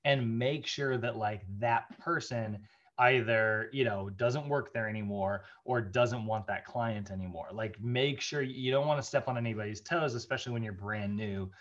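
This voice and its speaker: A man of middle pitch lectures a fitness training class in a loose, chatty way, packing his talk with fillers and asides. He laughs his way through stories. The recording is slightly muffled and lo-fi. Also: moderate pace, a bit bright. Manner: chatty, anecdotal, many fillers, laughs while telling stories. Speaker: fitness instructor.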